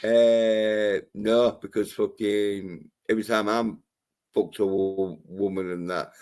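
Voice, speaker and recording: A man's voice: on the low side, flat delivery, slow, darkish tone. A man hosting a casual livestream panel chat, talking bluntly and mockingly and swearing constantly. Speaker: livestream host.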